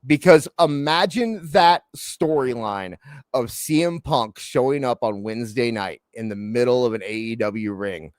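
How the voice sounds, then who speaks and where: A man hosting a wrestling talk show in casual chat, animated and full of stammering restarts. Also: medium pitch, a little slow, no room sound. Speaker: wrestling podcast host.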